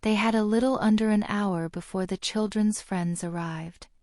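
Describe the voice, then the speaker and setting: A woman narrating a fan fiction audiobook in a steady, measured reading. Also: medium pitch, no room sound, clean studio sound.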